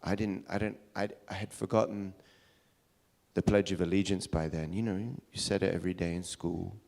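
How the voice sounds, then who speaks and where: A man's voice: deep voice, steady tone, moderate pace, gravelly, darkish tone. A male pastor from England with a British accent tinged with American, preaching a sermon at a church service in a storytelling way, often restarting his sentences.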